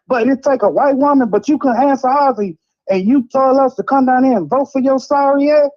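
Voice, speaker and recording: A man's voice: very high voice, fairly quick, dull audio. A man from Chicago calling in to a live show, ranting in a frustrated, rambling way and repeating himself. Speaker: caller. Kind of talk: heated call-in rant.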